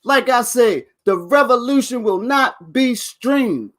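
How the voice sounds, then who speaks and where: Very high-pitched, animated, and a bit bright, this vlog host takes things slowly as he rants casually to camera. Swearing and rambling on his channel, he talks right to his viewers with laughs between lines.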